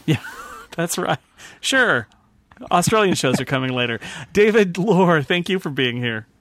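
A man's voice: fairly high pitch, expressive, unhurried, fairly bright tone, no echo, studio quality. A North American man hosting a podcast panel, chatty and jokey, laughing often as he wraps up. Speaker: podcast host. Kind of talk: casual panel podcast wrap-up.

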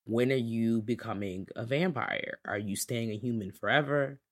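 A podcast co-host in casual, slangy chat, recapping a TV series and acting out characters with big swings in pitch. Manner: animated, swearing, acts out characters with big pitch jumps; slangy, fast casual talk.

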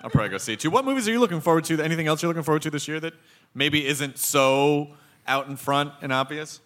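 A man hosting a casual comedy chat about movies, joking and playfully loud. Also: on the high side, expressive, fast talker, slight background noise.

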